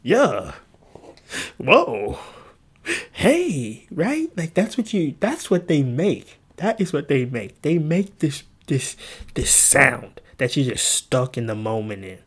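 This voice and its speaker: A man talks through a casual solo podcast episode in a loose, rambling way. He is playful and drifts from jokes to half-serious thoughts. His pitch leaps up whenever he acts out a voice he is quoting. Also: expressive, measured pace. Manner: rambling, playful, jumps between jokes and musings; acts out quoted voices with big pitch jumps. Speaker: podcast host.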